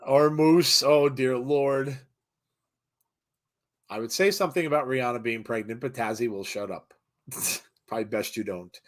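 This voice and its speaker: A man hosting a live wrestling watch-along, chatting casually, laughing often and breaking into excited shouts. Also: mid-range voice, normal speed, pauses often. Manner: chatty, laughs often, reads viewer comments. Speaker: host.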